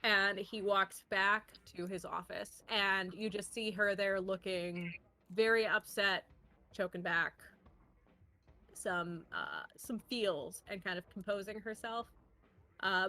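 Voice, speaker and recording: Bright-voiced woman game master. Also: mid-range voice. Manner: chatty, filler-heavy narration. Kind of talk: narrating a tabletop game.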